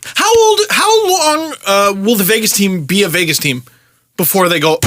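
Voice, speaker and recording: A young man hosting a podcast, ranting in frustration with lots of swearing and occasional shouting. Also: high voice, animated, moderate pace. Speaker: podcast host. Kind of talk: casual podcast chat.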